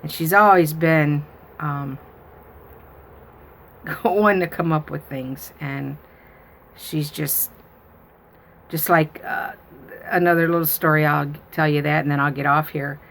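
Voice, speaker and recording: A woman's voice: low-pitched, steady tone, slow pace, gravelly, pauses often, a bit bright, a little hiss or hum. A grandmother chatting with viewers, telling rambling stories full of fillers. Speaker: grandmother and channel host. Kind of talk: casual storytelling to viewers.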